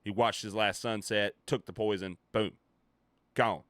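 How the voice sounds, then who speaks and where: A man reacts on stream in loose, casual commentary. He thinks aloud, stumbling through fillers and restarts in a bright, forceful voice. His voice is fairly low and recorded dry and close. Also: fairly even intonation, unhurried, no echo.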